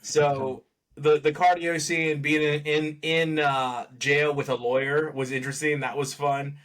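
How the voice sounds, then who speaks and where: A man co-hosting a casual podcast, picking apart a film with wry sarcasm and plenty of laughter. His voice sits a little high for a man. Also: flat delivery, measured pace, a bit bright. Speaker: podcast co-host. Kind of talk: casual movie review chat.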